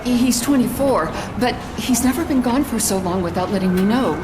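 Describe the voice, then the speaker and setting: A woman's voice: on the high side, lively intonation, a little fast, close to an everyday voice. A woman voicing a worried mother, pleading, game hum behind. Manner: anxious, pleading. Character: distraught middle-aged mother.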